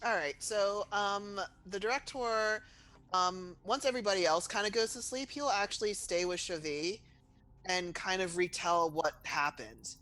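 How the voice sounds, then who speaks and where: A man's voice: high-pitched, a little slow, pushed and bright, poor audio. A man playing in a tabletop game, rambling and hesitant as he describes his character. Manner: rambling, laughs while talking. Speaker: player.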